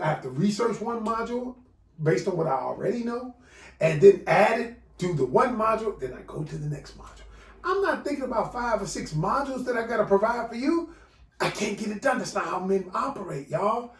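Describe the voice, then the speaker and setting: A man teaches a relationship course in an animated, preachy way. His voice sits high and gravelly. He is set back from the mic in a room with a roomy echo. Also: far from the mic. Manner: animated, preachy, addresses viewers as y'all. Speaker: relationship coach. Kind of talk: video course lesson.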